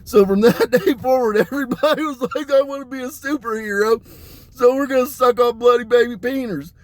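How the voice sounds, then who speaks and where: A man's voice: very high voice, brisk. A man giving a rambling, profane monologue, swearing constantly and breaking into laughter as he talks. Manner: crude, swearing, laughing often.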